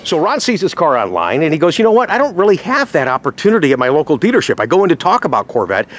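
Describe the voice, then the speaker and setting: A man's voice: on the high side, huge pitch swings, fast talker, fairly bright tone, soft background music. Chatty middle-aged car salesman vlogging outdoors. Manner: chatty storyteller, acts out callers' voices. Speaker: car salesman and vlog host. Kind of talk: casual vlog talk to viewers. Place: outdoors at a dealership lot.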